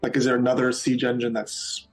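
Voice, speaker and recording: Mid-pitched man thinking aloud. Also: monotone, brisk, poor audio. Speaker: player. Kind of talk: casual game talk.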